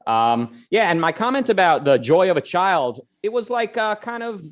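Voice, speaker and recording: A man hosting a casual online panel show, talking in a lively way with plenty of fillers. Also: high voice, normal speed. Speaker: show host.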